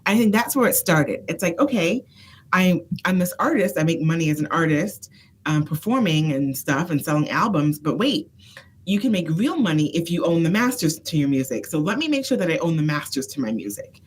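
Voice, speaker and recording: A woman consultant co-hosting a casual talk show, with a very low voice. She gives earnest advice with animated asides. A faint hiss sits under the recording. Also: fairly quick. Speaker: consultant and co-host. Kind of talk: casual chat. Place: phone booth studio.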